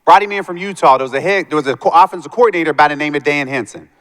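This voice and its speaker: A man's voice: fairly high pitch, racing, fairly bright tone. A man giving a motivational talk to students, telling his life story and acting out the voices of the people in it. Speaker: motivational speaker. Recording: long hall reverb.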